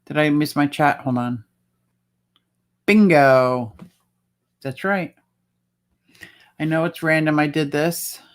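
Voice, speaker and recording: Woman, livestream host, casual chat, somewhat low voice, reads viewer comments. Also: slow pace, long pauses.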